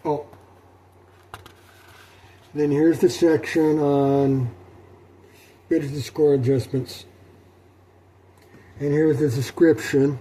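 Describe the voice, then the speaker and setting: A middle-aged man talking through his solo tabletop role-playing session in a rambling, halting way, with many fillers and restarts. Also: a little high, flat delivery, mellow, husky. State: sleepy, yawning. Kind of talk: rambling casual talk.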